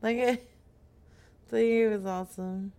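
A woman's voice: on the high side, fairly even intonation, takes it slowly, warm tone, smooth. A woman streamer chatting casually and playing it straight on a prank call. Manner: casual, laughing, plays it straight on calls. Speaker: streamer making prank calls.

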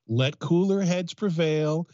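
A man making a prank phone call in a mock-polite, deadpan, taunting way. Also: a little high, slow, no echo. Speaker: prank caller.

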